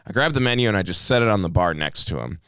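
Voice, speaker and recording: A man co-hosting a podcast, telling a profane, animated bartending story in casual chat. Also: low-pitched, rapid-fire, clean tone, dry recording.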